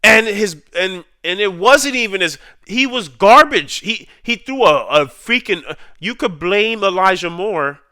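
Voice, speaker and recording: Slow, heated sports fan man ranting. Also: high voice, animated, sharp tone, no echo, studio quality. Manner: heated, repetitive, drawn-out emphasis. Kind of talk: emotional fan rant.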